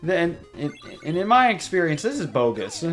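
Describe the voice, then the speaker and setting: A man's voice: on the high side, very animated, normal speed, a bit bright, faint music behind. A young man hosting a game playthrough, chatting casually and rambling off on tangents while he laughs often. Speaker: let's play host. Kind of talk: gameplay commentary. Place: home room.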